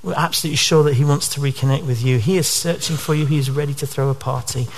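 A man's voice: mid-range voice, quick pace. A male preacher giving a sermon to his church in an earnest way, often posing rhetorical questions.

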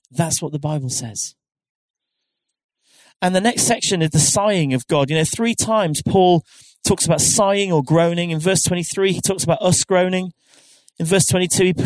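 A man's voice: high voice, a little mellow, no echo. Man preaching a conversational sermon. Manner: conversational, earnest, with frequent restarts and rhetorical questions. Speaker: pastor.

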